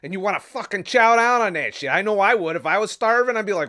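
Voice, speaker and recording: A man's voice: fairly high pitch, animated, brisk, a bit bright. A man ranting on his vlog, swearing heavily, heated and sarcastic, talking into a camera mic. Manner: profane, heated ranting with mocking mimicry. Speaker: vlogger.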